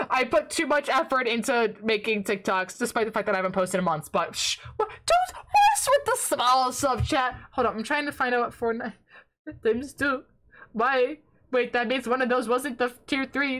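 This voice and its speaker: This woman streams herself drawing and chatting in a casual way, her voice sitting high. Excitable, she often yells in mock protest, leaving her voice raspy and sore.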